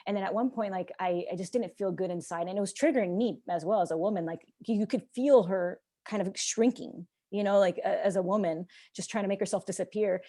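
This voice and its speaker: A young woman chats as a podcast guest, racing through a story at a quick clip. Her voice is warm and mellow rather than bright. She slips into the voices of the people she quotes and scatters fillers throughout. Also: medium pitch. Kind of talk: casual podcast conversation.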